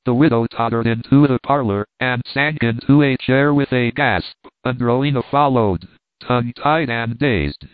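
A man reading a story aloud as its narrator, in a steady, measured way. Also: medium pitch, no echo. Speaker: audiobook narrator. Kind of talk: scripted narration. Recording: dry tinny phone-like sound.

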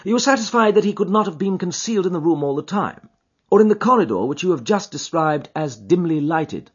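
A man putting on a keen, high-pitched detective. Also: lively intonation, brisk. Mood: keen, probing. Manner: crisp, probing questions. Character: keen, brisk older male detective, sharp questioner. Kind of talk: audiobook character voice. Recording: dull lo-fi recording.

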